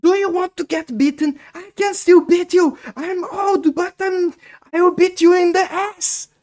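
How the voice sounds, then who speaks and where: A man voicing his angry older mother in a shrill, high voice as she scolds. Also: fairly even intonation, unhurried, darkish tone. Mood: scolding.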